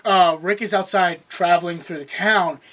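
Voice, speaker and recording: A man's voice: high-pitched, fairly even intonation, moderate pace, fairly bright tone. A man co-hosting a casual podcast, recapping a TV episode in a rambling way and quoting characters. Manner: rambling, restarts, quotes characters. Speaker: podcast co-host.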